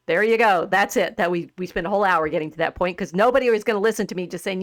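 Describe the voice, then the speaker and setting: Animated, laughing woman podcast host. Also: medium pitch, quick pace, hardly any pauses, dry recording, studio quality. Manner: animated and laughing, with frequent restarts and asides. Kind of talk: casual podcast discussion about literature.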